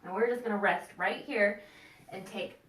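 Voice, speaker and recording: At normal speed, in a medium-pitched voice that's a bit bright, she teaches children yoga, encouraging them playfully through poses and breathing. Sound bounces around the room, and the mic is far away.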